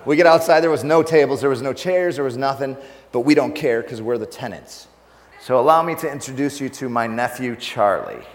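A man telling a funny story in a sermon, laughing often and speaking with animated energy as a preacher. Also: mid-range voice, brisk, big-room sound, slight background noise.

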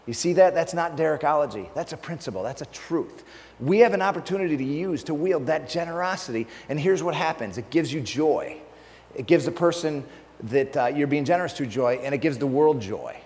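Animated man preaching in a reverberant hall. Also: on the high side. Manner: animated, laughing storyteller. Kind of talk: storytelling sermon.

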